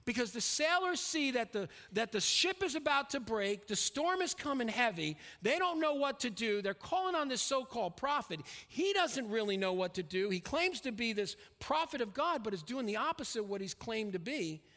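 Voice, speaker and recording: A man with a high-pitched voice preaches a verse-by-verse sermon, pressing his points hard and then dropping to a hush. His voice rings with the long reverb of a large hall. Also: big pitch swings, normal speed, hardly any pauses. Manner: emphatic, swings between raised and hushed delivery. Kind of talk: expository sermon on scripture.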